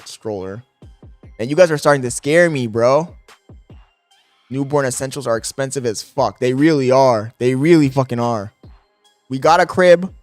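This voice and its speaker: A young man streaming live from his apartment, talking loudly and profanely to his chat into a desk microphone, laughing often. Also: a little high, dry recording. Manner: loud, yelling into the mic, profane, laughing.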